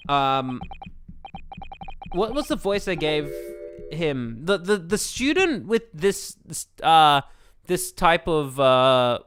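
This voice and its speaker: A game streamer chatting casually between dialogue lines, swearing a lot and losing his train of thought. His voice is bright and jumps all over in pitch. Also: slight background noise. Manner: swears often, rambling and scattered. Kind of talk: casual game playthrough commentary.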